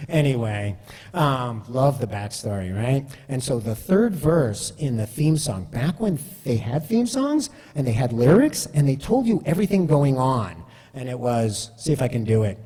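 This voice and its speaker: A man speaks in a mellow, relaxed voice, chatty and animated as he tells stories. His words ring out with the long reverb of a hall. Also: medium pitch, unhurried, breathy edge. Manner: chatty, self-deprecating, animated. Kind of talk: storytelling talk.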